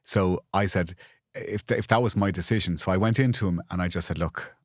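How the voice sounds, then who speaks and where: A man's voice: low-pitched, no room sound, clean studio sound. A man in his forties with an Irish accent, speaking candidly as a podcast guest, often restarting and repeating words as he finds his thoughts. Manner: halting restarts, repeats words, grows emotional. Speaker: guest, architect and TV presenter. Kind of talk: candid conversational interview.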